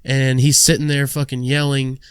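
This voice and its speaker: A man's voice: medium pitch, flat delivery, normal speed, clear, resonant tone, dry recording. A young man hosting a casual podcast, telling a crude rambling story and acting out the people in it. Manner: crude rambling storyteller, acts out quoted voices. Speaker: podcast host. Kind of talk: casual chat.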